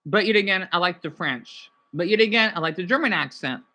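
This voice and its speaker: A woman's voice: on the low side, animated, a little fast, sharp tone. A woman hosting a livestream, chatting casually with viewers and often restarting and correcting herself. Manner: rambling, restarts and self-corrections. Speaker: livestream host.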